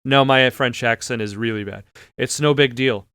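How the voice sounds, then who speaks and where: A man's voice: mid-range voice, normal speed, sharp tone, clear, resonant tone, no room sound, clean studio sound. A man hosting a let's play, giving casual gameplay commentary as he reads game text aloud with wry asides.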